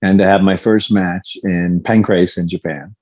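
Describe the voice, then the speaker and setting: A man's voice: sits low, steady tone, normal speed, a little mellow. A man in his fifties, a guest in a podcast interview, telling his story candidly and animatedly, acting out quoted lines. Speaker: guest, former fighter.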